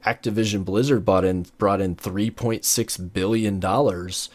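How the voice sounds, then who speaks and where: Deep-voiced male podcast co-host, measured and analytical, dry close mic. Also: fairly even intonation, no echo. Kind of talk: casual gaming podcast chat.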